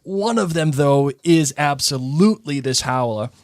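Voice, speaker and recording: A man co-hosts a podcast in casual chat, his voice swooping lively up and down. He jokes and reads passages aloud, recorded dry and close. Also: fairly high pitch, measured pace, dry recording. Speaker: podcast co-host.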